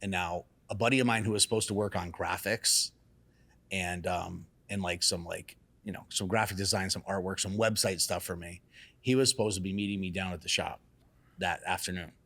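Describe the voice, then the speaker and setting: Low-voiced man telling a casual story. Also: brisk. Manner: animated, acts out quotes in raised excited voices; casual, swears freely. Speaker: salon and barbershop owner, guest.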